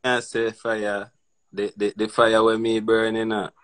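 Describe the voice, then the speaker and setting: A man with a Jamaican accent in a casual patois chat, easygoing and quick to laugh. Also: on the low side, monotone, a bit bright.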